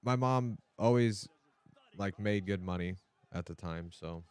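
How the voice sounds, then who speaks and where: A man's voice: deep voice, a little slow, a little mellow, clean tone, dry recording. A man hosting a casual podcast chat, mostly answering with short, amazed interjections.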